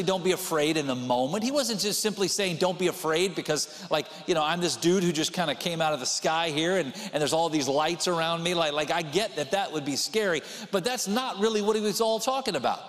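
A man's voice: high voice, expressive, moderate pace, fairly bright tone, long reverb tail. A man preaching a sermon as pastor, talking in a conversational way and repeating key phrases for emphasis.

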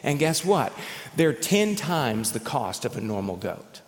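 A man preaching a sermon as pastor, telling stories in an animated way and often repeating words as he goes. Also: mid-range voice, a little slow. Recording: long reverb of a large hall.

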